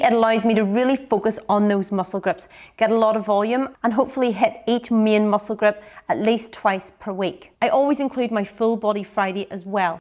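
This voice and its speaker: Young woman, fitness instructor, brisk upbeat explainer in a relaxed Q&A chat. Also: medium pitch. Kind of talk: casual Q&A chat to camera.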